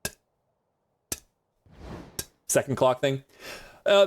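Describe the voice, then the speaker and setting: A man streaming live and chatting with his audience in a rambling, jokey way, laughing often. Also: mid-range voice.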